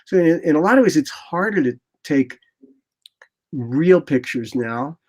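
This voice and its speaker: A man in his sixties, a photographer guest in an interview, telling rambling, animated anecdotes and acting out what people said. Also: fairly high pitch, measured pace. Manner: animated, rambling anecdotes with lively quoted asides. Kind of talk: casual interview storytelling.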